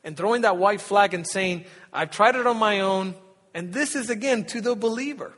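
Male pastor, high-pitched, earnest sermon delivery with emphatic swells; long reverb. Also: moderate pace, fairly bright tone.

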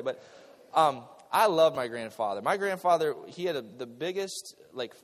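Male pastor, fairly high voice, lively preaching style with repeated words and jokey asides; long hall reverb. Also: normal speed. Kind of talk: sermon.

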